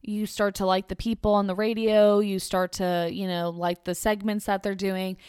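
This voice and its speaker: This young woman in her twenties hosts a casual solo podcast, chatting and rambling with plenty of "like" and restarted sentences. Her mid-range voice is clear, resonant and a little mellow, with little pitch movement and a normal speed. The recording is dry and clean, with studio sound.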